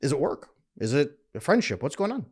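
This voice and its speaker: A man voicing a calm, caring wife who gently checks in with her husband, lifting his voice into a soft questioning tone. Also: a little high, brisk, breathy edge. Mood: gentle.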